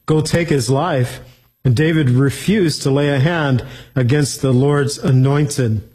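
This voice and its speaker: Bible teacher, male, slightly husky voice, reads the verses and then explains them simply. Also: medium pitch, a little mellow, rough recording. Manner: reads scripture aloud, then explains it plainly.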